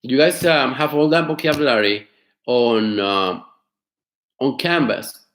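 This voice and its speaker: A man teaching an online class, explaining words slowly, repeating them and asking his students questions. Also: mid-range voice, fairly bright tone, reverberant. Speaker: Spanish teacher. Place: home studio.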